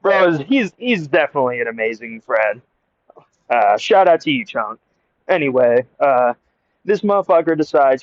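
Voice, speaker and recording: A man's voice: medium pitch, sing-song, normal speed, dry recording. A young American man casually telling a rambling story outdoors into earbud mics, laughing often. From United States. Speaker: storyteller vlogger. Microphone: earbuds mic. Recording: dry, muffled lo-fi earbud recording.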